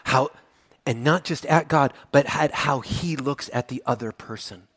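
A man's voice: medium pitch, unhurried, a bit bright, no echo, studio quality. A male pastor preaching a sermon in a conversational, joking and emphatic way.

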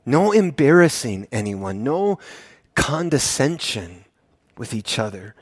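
A man preaching a sermon as a pastor, earnest and emphatic, swinging between hushed soft lines and rising heartfelt appeals. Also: medium pitch, very animated, slow pace, dry recording, studio quality.

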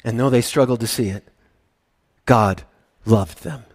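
A man preaching a sermon to his congregation in a church, emotional, swinging from loud excitement to quiet, intimate prayerfulness. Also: medium pitch, a little slow, breathy edge. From United States. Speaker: pastor. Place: church sanctuary.

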